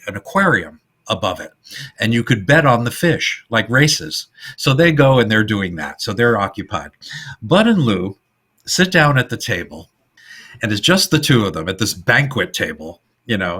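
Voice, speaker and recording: Middle-aged guy on a podcast, bright husky voice, acting out movie bits as he goes. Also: on the low side. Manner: animated retelling, acts out quoted lines in funny voices. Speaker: podcast co-host. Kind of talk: casual film discussion.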